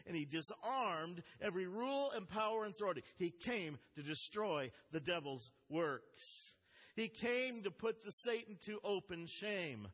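This man's high, fairly bright voice fills a sermon in which he reads scripture with emphasis and speaks earnestly as pastor. The recording has a long hall reverb.

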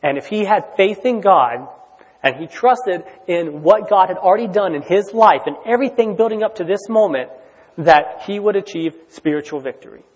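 A man preaching a sermon in a conversational, excitable way, with lots of "like" and "you know". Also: high voice, moderate pace, slightly rough. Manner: conversational, filler-heavy, excitable. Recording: long hall reverb.

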